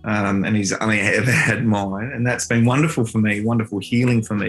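A man's voice: on the low side, a bit bright. A middle-aged Australian man telling a heartfelt personal story in an earnest, reflective way. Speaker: father and guitar teacher.

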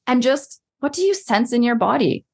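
A woman's voice: a little high, lively intonation, moderate pace, creaky, breathy edge. A woman in a casual podcast chat, talking as a coach, chatty and full of "like", acting out her own inner voice.

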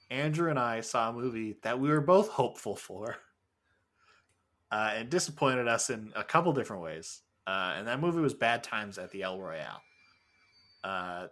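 Un hombre que copresenta un pódcast en una charla informal; divaga, se ríe y suelta palabrotas. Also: male voice, fairly low pitch, fairly bright tone. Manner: rambling, laughing, swears freely. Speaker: podcast co-host. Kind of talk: casual chat.

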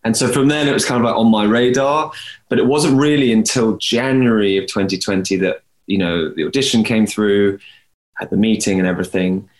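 A man's voice: lowish voice, brisk. A young actor talking about his career in a podcast interview, rambling and correcting himself as he goes. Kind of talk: conversational interview. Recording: roomy echo.

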